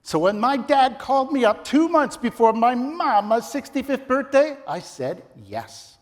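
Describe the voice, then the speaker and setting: A man's voice: very high voice, sing-song, a little slow. A middle-aged man delivering a theatrical, comic story speech in a competition in a large ballroom. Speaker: contest speaker. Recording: reverberant ballroom.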